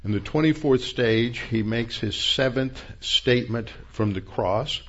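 A man's voice: medium pitch, unhurried, lo-fi sound. A man preaching an expository sermon, working methodically through Bible verses and the Greek and Hebrew terms behind them. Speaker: pastor.

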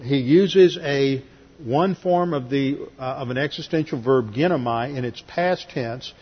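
Husky-voiced man teaching scripture, echoing hall. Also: mid-range voice, unhurried. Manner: methodical, cites verses, dry asides. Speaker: pastor teaching Bible class. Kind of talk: expository Bible teaching. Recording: lo-fi recording, long hall reverb.

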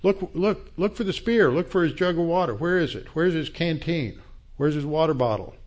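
A man's voice: on the high side, expressive, moderate pace, voice pushed up, natural voice. A man voicing King David as a bold, mocking leader in a sermon retelling, firing off pointed questions. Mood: taunting.

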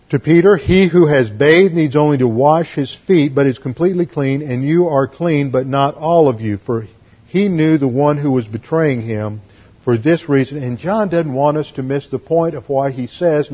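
Husky man teaching a Bible passage. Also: a little high, normal speed, muffled recording. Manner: emphatic, explains Greek and Hebrew words. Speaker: preacher.

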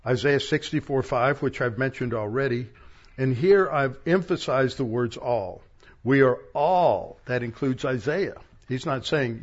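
A male pastor giving a sermon, reading verses aloud and pausing for plain-spoken asides. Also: mid-range voice, lo-fi sound. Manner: reads verses aloud, stressing key words, with asides. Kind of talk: sermon teaching from scripture.

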